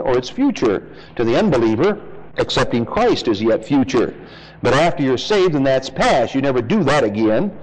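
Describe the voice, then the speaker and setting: A man's voice: medium pitch, in a large hall, a little hiss or hum, poor audio. A man preaching a verse-by-verse Bible sermon, reading scripture aloud and explaining it to his congregation.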